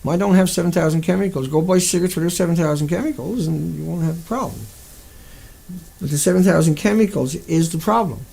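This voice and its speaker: Gravelly, furious ranting man. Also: on the high side, a little fast, mellow. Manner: furious, profane, insulting. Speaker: video blogger. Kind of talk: angry profane rant to camera.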